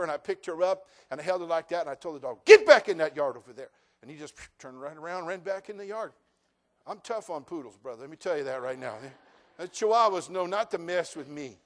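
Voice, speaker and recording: An older male pastor with a notably high voice, telling homey stories with playful jabs at the crowd. He swings from quiet, easy banter to loud, emphatic preaching. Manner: folksy, joking asides, building to emphatic preaching. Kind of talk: sermon.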